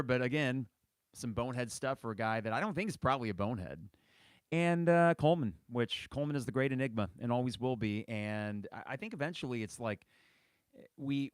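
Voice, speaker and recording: Impassioned man ranting, swooping pitch. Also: no echo. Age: 30s. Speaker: podcast host. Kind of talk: sports fan podcast commentary.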